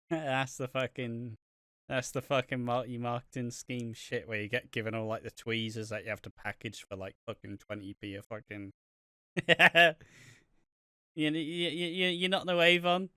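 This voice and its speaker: Male podcast co-host, bright and crisp, dry close sound, loose and sweary. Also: mid-range voice, steady tone, moderate pace, no echo. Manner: sweary, rambling, laughs often. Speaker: podcast co-host reviewing a soap. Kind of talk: casual podcast chat.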